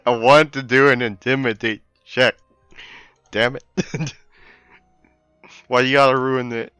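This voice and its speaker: A man playing a tabletop game, slow and hesitant, stammering as he looks things up. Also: mid-range voice, steady tone, a bit bright, smooth, no room sound, clean studio sound, faint music behind. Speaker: player. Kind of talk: casual tabletop play.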